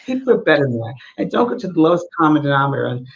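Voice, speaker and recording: A man's voice: a little high, sing-song, rapid-fire, vocal fry. Earnest male co-host, muffled sound. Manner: earnest, storytelling, repeats for emphasis. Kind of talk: casual spiritual talk show. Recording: dull, lo-fi sound.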